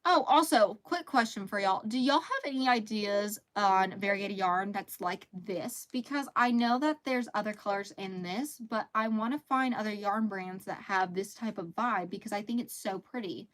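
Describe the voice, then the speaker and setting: A woman in her thirties hosting a relaxed live crochet stream, chatting casually, reading chat messages aloud and laughing often. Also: mid-range voice, moderate pace, hardly any pauses.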